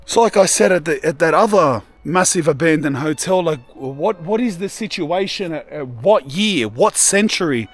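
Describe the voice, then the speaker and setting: A young man filming a casual travel vlog, talking in excitable slang and calling the viewer bro, cuz and lad. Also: on the high side, moderate pace, few pauses, soft background music. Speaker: travel vlogger.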